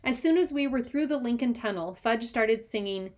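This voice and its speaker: A woman reading a children's chapter book aloud with lively, expressive narration. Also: on the high side, normal speed, hardly any pauses. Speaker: reader. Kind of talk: storybook read-aloud.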